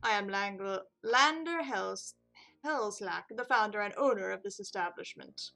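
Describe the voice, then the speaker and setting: A woman voicing a pompous male elephant who owns a chocolate shop, in a slow, put-on stereotypical European accent. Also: mid-range voice, animated, soft background music, close to an everyday voice. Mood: grandiose.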